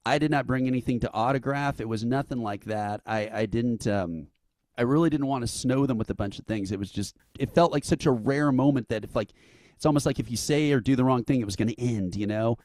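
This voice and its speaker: A man sits for a podcast interview and tells a story with lively energy, acting out the lines of the people in it. His voice sits at a middle pitch. The sound is dry and close, with no room around it. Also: fairly quick, no echo. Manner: animated storyteller who acts out quotes with laughs. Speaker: interview guest, event founder. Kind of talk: casual anecdote telling.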